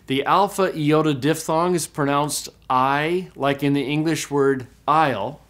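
Man teaching with slow, drawn-out examples. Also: a little high, a bit bright. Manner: slow, drawn-out demonstration of pronunciations; explanatory, with frequent "okay?" checks. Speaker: Greek teacher. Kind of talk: recorded class lecture.

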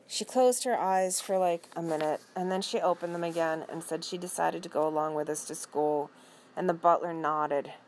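Library reader, woman, low voice, expressive, unhurried storybook narration. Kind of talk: storybook read-aloud.

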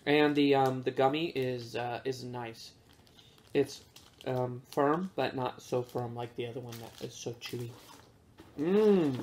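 A man casually reviewing snacks with his kids in a relaxed, chatty way, with plenty of fillers. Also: mid-range voice, measured pace, a little hiss or hum.

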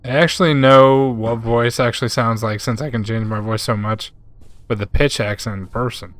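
In a dry recording, a young man with a steady, medium-pitched voice and moderate pace streams a game and reads chat aloud. Easygoing and conversational, he says "bro" constantly.

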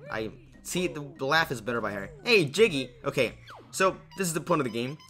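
A man's voice: medium pitch, lively intonation, brisk, bright, forceful tone, soft background music. A young man casually commenting while playing a video game, rambling and joking about himself, with lots of fillers. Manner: rambling, self-deprecating, many fillers and restarts. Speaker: let's play host.

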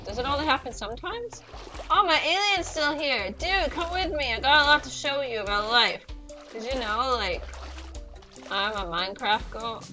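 A woman hosting a gaming channel, giving excitable, swear-filled commentary on her own gameplay with sudden squeals. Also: a little high, moderate pace, music in the background. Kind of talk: let's play commentary.

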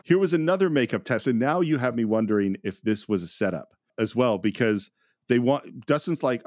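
A man hosting a casual film-discussion podcast, enthusiastic and quick to laugh as he retells scenes. His voice is mid-pitched and close, on a dry, dead recording. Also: lively intonation, a little mellow, dry recording. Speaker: podcast host.

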